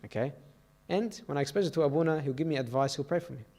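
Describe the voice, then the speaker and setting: Youth speaker, male, slightly raised pitch; church sermon told through stories, keeps asking "all right?". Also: fast, warm tone.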